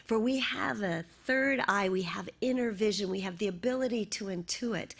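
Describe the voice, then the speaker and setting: Woman minister, middle-aged, raspy with vocal fry, storytelling sermon that slips into half-whispers. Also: medium pitch, moderate pace. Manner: storytelling, often dropping to a hushed half-whisper.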